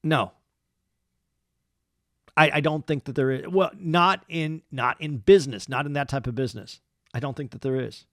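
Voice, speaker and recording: A man's voice: mid-range voice, moderate pace, pauses often, fairly bright tone, no room sound, clean studio sound. A man co-hosting a casual podcast, rambling and restarting his sentences as he talks through his thoughts. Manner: rambling, repeats words and restarts often. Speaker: podcast co-host.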